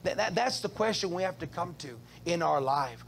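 A man preaching in a church with a notably high, gravelly voice, drawing the congregation in with call-and-response cues. He stumbles over and repeats words as he builds his points, and a faint hiss sits under his speech. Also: expressive, moderate pace, hardly any pauses. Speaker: pastor. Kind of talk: sermon.

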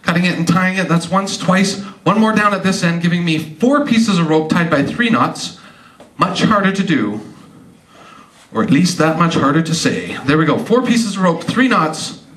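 A man performing stand-up comedy magic for a live audience, teasing them with quick joking asides. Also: high-pitched, animated, distant mic. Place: live show venue. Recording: roomy live stage sound from off-mic, loud audience. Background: audience laughing.

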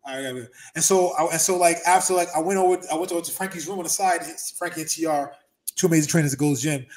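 A man in his thirties, a former pro wrestler, telling profane, lively stories as an interview guest. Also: a little high, fast talker. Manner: animated storyteller, profane, acts out quotes. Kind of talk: casual storytelling interview.

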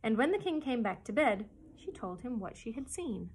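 A woman librarian reading a children's chapter book aloud in a gentle storytelling manner. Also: a little high, sing-song, moderate pace, slightly rough, low-quality recording.

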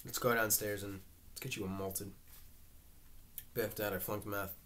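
Man reading a play aloud, low voice. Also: fairly even intonation, a bit bright. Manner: halting, with restarts and stage directions read aloud. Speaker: reader. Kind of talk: amateur reading of a play, all parts.

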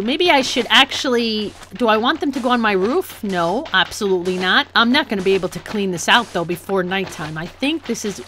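A young woman hosting a gaming channel, giving flustered, excitable let's play commentary and laughing often. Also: fairly high pitch, slight background noise.

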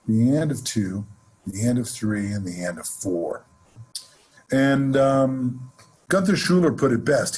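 A man teaching jazz improvisation in a relaxed, conversational way, counting off beats between demonstrations. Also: mid-range voice, slightly rough, low-quality recording. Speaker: jazz music instructor. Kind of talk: explaining and demonstrating on instrument. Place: home studio, online session.

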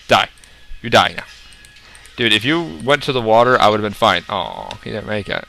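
A young man casually commenting on his own gameplay, rambling and joking, with sudden loud outbursts. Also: medium pitch, animated, normal speed, gravelly, faint music behind. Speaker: gaming video host.

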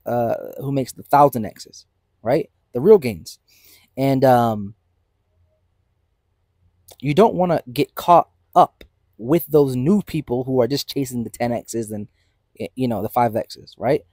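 Man, channel host, casual market commentary, mid pitch, dry close recording, emphatic and animated. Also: measured pace, long pauses, no room sound.

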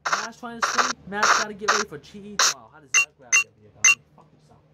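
A woman's voice: mid-range voice, fairly even intonation, quick pace. A woman doing let's play commentary, swearing heavily and bickering as she plays. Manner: heavy swearing, ranting and bickering. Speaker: gaming video host. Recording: loud background noise.

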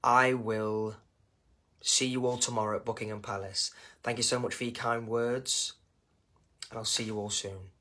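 A man's voice: on the low side, flat delivery, normal speed, pauses often, pushed and bright. A man from England with an English accent, talking casually and emotionally on a live stream, rambling and repeating himself.

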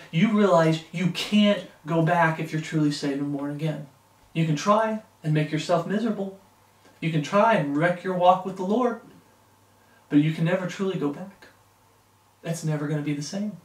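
A man's voice: fairly high pitch, moderate pace, echoey room, distant mic. A man preaching a sermon in a fervent way, climbing into emphatic bursts as he presses his points.

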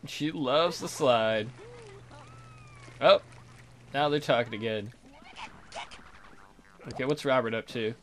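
A man's voice: mid-range voice, slow, long pauses, slight background noise. A man hosting a let's play, chatting casually and joking crudely about his game characters.

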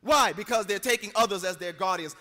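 American man, debater, bright and forceful, pressing his points, echoing hall. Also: sits high, fairly quick, faint music behind. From United States. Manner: emphatic, argumentative, quotes scripture. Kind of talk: live debate speech. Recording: long hall reverb.

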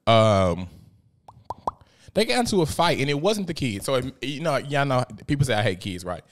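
A man, hosting a podcast in a blunt, profane, animated storytelling manner. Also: medium pitch, normal speed. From Memphis, USA. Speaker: podcast host. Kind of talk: casual podcast monologue.

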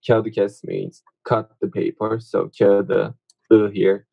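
A young man whose first language is Turkish, teaching verbs in a casual online lesson, full of fillers and quick to correct his own slips. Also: on the low side, little pitch movement, vocal fry, highs cut off. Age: young adult.

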